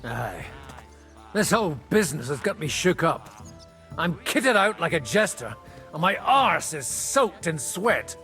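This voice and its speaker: An actor playing a blunt, boozy priest in disguise as a cardinal, grumbling and coarse in a husky voice. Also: male voice, a little high, very animated, unhurried, bright, forceful tone, faint music behind, full character voice. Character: boozy irreverent male priest posing as a cardinal. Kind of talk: video game dialogue.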